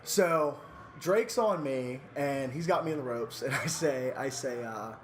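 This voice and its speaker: A male podcast co-host tells a backstage story loosely and casually, laughing often between bits and using lots of fillers. His voice is medium-pitched and a little slow.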